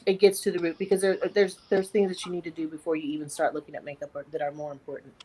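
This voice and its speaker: A woman from California, a guest on a casual live video chat, relaxed and storytelling, laughing easily. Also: sits low, rapid-fire, breathy edge.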